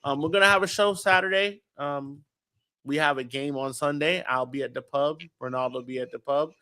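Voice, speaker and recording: A man hosting a casual fan-show chat, talking in a high voice with a bright, forceful edge. He is animated and profane, and he reads viewer comments aloud as he riffs. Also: fairly quick. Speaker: podcast host.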